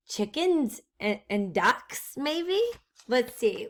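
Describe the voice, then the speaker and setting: Slow, animated woman teacher reading aloud. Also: a little high. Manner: animated, asks the children questions, drops into hushed asides. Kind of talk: reading a picture book aloud to a class.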